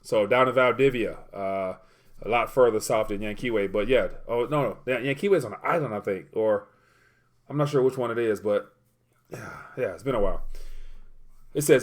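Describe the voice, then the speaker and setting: A man's voice: medium pitch, moderate pace. A man hosting a casual livestream, reading viewer comments aloud and rambling while he looks things up. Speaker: livestream host.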